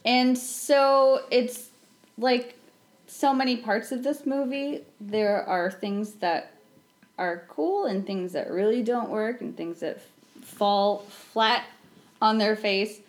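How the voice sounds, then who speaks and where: A woman co-hosting a casual movie podcast, giving thoughtful, measured analysis. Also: a little high. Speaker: podcast co-host.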